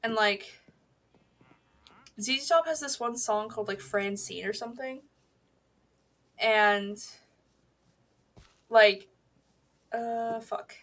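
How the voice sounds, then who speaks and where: Bright, rambling woman streamer. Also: on the high side, takes it slowly, pauses often. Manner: rambling, swears freely, answers chat. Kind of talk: casual gaming livestream chat.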